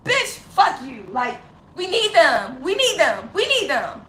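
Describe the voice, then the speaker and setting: High bright woman, profane impassioned rant. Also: wildly swooping pitch, unhurried, slight background noise. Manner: heavily profane, impassioned, laughs bitterly between lines. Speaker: vlogger. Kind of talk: unscripted emotional rant to camera. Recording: roomy echo with faint ambience.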